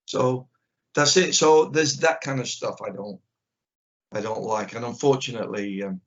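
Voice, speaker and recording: A man's voice: mid-range voice, normal speed. An older man, a karate teacher, speaking bluntly and with strong opinions as an interview guest on a video call. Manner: blunt and opinionated, acts out little exchanges. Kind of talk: candid conversation. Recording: dull lo-fi video call audio.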